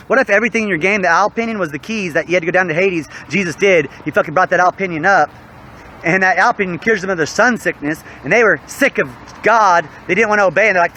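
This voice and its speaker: A man's voice: high voice, animated, fast, sharp tone, poor audio. A young man in a rambling, preachy, profane monologue, recorded outdoors near traffic. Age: young adult. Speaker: online game player.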